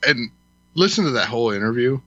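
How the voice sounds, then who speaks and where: A man's voice: mid-range voice, animated, fairly quick, a bit bright, no room sound, muffled recording. A man hosting a podcast, emphatic and opinionated in casual chat. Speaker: podcast host.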